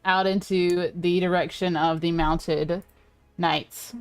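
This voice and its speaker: A woman's voice: on the low side, flat delivery, slow. A woman playing a tabletop game, plainly stating her character's actions. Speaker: player. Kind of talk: casual tabletop play.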